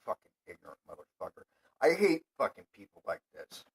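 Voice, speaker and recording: A man hosting his own show, delivering a profane, rambling monologue that swears constantly and flares into heated yelling. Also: mid-range voice, very animated, fairly quick, breathy edge, poor audio.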